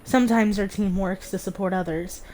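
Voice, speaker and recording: A woman voicing a tired, shy young woman developer who speaks quietly and hesitantly. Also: mid-range voice, steady tone, normal speed, a little hiss or hum, voice pushed down, lightly acted.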